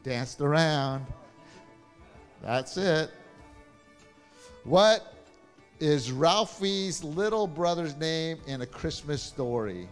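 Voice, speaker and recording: A man, a pastor, casually hosting a Christmas trivia game in church, playful and chuckling as he reads the questions slowly. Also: fairly high pitch, expressive, long reverb tail, faint music behind. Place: church hall.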